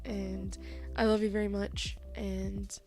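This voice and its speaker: A woman's voice: mid-range voice, flat delivery, takes it slowly, gravelly, a little mellow, faint music behind. A young woman giving a heartfelt, teary message to her best friend and co-host, laughing and swearing casually. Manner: emotional, laughing through tears, casual swearing.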